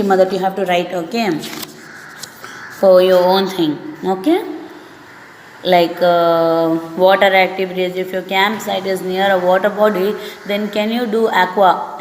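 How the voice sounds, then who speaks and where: A woman teacher with an Indian English accent giving an English lesson to pupils, repeating each word slowly and explaining it. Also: mid-range voice, darkish tone, a little hiss or hum. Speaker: schoolteacher. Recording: echoey room, long reverb.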